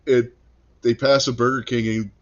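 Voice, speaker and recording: A man with a mid-pitched voice, telling stories with animation and acting out the lines he quotes. The recording sounds a bit dull and muffled. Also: normal speed. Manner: animated storyteller, acts out quotes. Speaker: podcast co-host. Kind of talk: casual storytelling chat.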